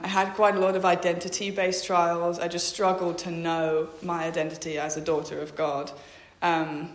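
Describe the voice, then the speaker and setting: A young woman tells her faith story in a flat, level voice, pausing often and filling gaps with ums. She reads verses aloud between her own thoughts. The room around her gives a clear echo. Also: sits low. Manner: hesitant, many ums, reads out Bible verses. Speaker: speaker sharing a faith testimony. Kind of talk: personal faith testimony. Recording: echoey room.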